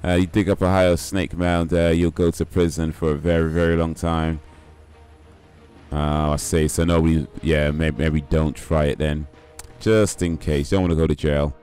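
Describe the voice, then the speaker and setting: Brief: low-voiced male streamer, loose rambling chatter, game music faint behind him. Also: level tone, moderate pace, a little mellow, clear, resonant tone. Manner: rambling, chatty, reacting to viewers. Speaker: livestreamer. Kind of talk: casual gaming stream chat.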